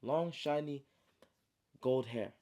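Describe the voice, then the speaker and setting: A man casually retelling his novel in slangy, relaxed speech, full of "you know" fillers. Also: medium pitch, takes it slowly. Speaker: storyteller and author.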